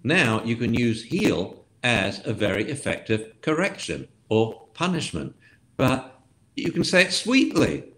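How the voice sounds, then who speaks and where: Man explaining in a lively way. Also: medium pitch, a little slow, a little hiss or hum. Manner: lively, acts out commands with shifts of tone. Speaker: dog trainer guest. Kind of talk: explanatory interview talk.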